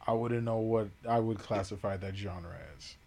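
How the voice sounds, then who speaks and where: A man co-hosting a podcast in relaxed, joking casual chat. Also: lowish voice, normal speed. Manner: laid-back, joking, backs up the other host. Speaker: podcast co-host.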